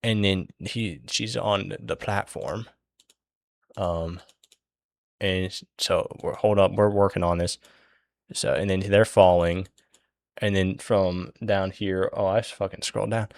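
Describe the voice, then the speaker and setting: Young man, slow low drawl, profane rambling storyteller, dry close mic. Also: steady tone, creaky, no echo. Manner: rambling, profane, loses his place. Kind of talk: casual plot retelling while drawing.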